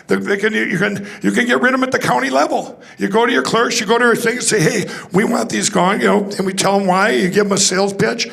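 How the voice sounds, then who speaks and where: A man with a high, fairly bright, creaky voice talks fast with hardly any pauses. On a conference hall stage, he tells the audience a rambling story, restarting often and acting out the dialogue.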